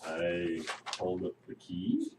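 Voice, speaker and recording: A man playing in a tabletop game, talking low and offhand in character. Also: wildly swooping pitch, slow, a little mellow. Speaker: player. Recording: distant from the mic, faint noise.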